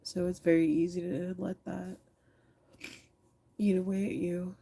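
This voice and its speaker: A woman's voice: fairly low pitch, level tone, unhurried, gravelly, dark tone, breathy edge. A woman in her thirties, teary and frank, speaking candidly to a live chat from her phone camera and swearing freely. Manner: frank, swears freely, talks back to commenters. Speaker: livestreamer reading chat.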